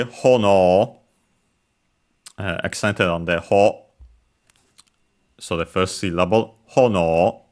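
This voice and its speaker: A language teacher with a low-pitched, fairly bright voice explains Japanese vocabulary while playing a game. He goes about it methodically but hesitantly, with lots of filler sounds.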